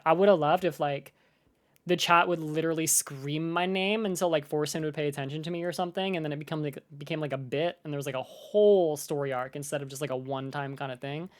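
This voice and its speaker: A young American woman streaming, chatting casually and rambling with lots of fillers. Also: low voice. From United States. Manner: rambling, filler-heavy, animated with laughs. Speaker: streamer reacting to a video. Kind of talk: casual live-stream chat.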